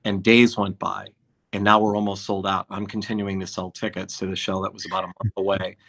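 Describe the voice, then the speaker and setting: Middle aged guy, low voice but bright and forceful, spins a story, does little bits of dialogue. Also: brisk, creaky. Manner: animated, acts out dialogue in quotes. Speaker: concert promoter, podcast guest. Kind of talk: anecdotal storytelling in conversation.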